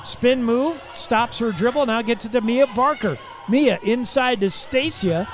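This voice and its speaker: A man does the play-by-play for a local radio broadcast of a high school girls basketball game, calling it live in a quick, excitable style. Big plays send him into shouts, and he chats folksily with the listeners along the way.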